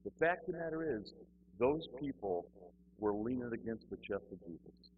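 Animated man telling a funny testimony. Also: medium pitch, normal speed, narrow, tinny audio, slight background noise. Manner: animated, acts out other people's voices. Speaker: storyteller. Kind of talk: humorous personal testimony.

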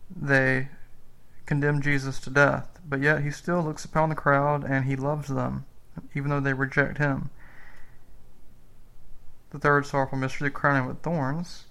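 A man giving a slow, earnest spoken meditation on the rosary mysteries as a preacher. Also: mid-range voice, little pitch movement, vocal fry, bright, forceful tone, low-quality recording.

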